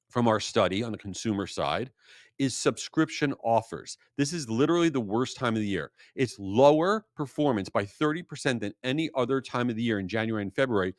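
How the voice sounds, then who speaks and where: A middle-aged man hosting his podcast, talking in a casual, animated storytelling way. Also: dry recording, studio quality. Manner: animated storytelling, rising to exasperated high pitch. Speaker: podcast host. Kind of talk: casual solo podcast monologue.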